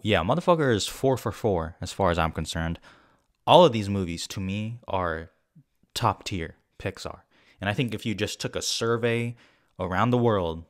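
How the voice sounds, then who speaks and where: A young man giving a casual, rambling film review. He is excitable and swears often. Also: sits low. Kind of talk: casual spoken movie review.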